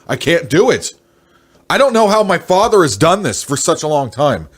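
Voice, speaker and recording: A man's voice: a little high, big pitch swings, moderate pace, slightly rough. A man in his twenties venting angrily about work, swearing and stressed. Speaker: vlogger. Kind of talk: ranting personal monologue.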